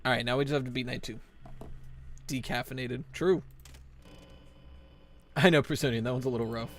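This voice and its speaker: A young man live-streaming a horror game, chatting with viewers and telling groaner puns in an excitable, joking way. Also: medium pitch. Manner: excitable, quick yelps of frustration. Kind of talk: live-stream gameplay chat.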